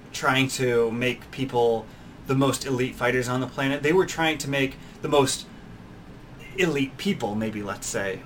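A young man hosting a podcast, telling his own story in an earnest, animated way, often restarting and acting out quotes. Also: medium pitch, a little hiss or hum. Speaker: podcast host. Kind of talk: personal storytelling.

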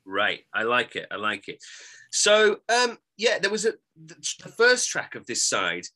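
A man's voice: mid-range voice, huge pitch swings, a little slow, pushed and bright, low-quality recording. A man co-hosting a podcast in casual chat, rambling and correcting himself with a joking tone. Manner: rambling, self-correcting, jokey. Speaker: podcast co-host.

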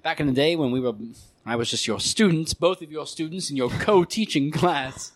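A man's voice: a little high, moderate pace, no room sound, pitched above the performer's own voice, lightly acted. A man voicing a chatty, self-important woman collector in a tabletop game, breezy and theatrical. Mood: gushing.

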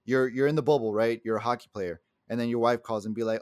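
A man's voice: medium pitch, steady tone, a little fast, a little mellow, no echo, clean studio sound. A man co-hosting a casual podcast chat, rambling with lots of restarts and swearing, and openly emotional. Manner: self-described very emotional. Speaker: podcast co-host.

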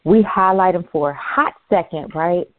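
A woman co-hosts a podcast, making her points in an earnest, emphatic way. Her voice sits a bit low for a woman. The sound is dry and thin, like a phone call. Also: normal speed, no echo. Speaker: podcast co-host. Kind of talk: casual chat.

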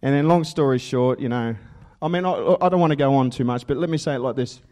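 A man with an Australian accent giving a lively testimony sermon, telling stories with laughter and loud acted-out quotes. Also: medium pitch, fast talker. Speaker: preacher.

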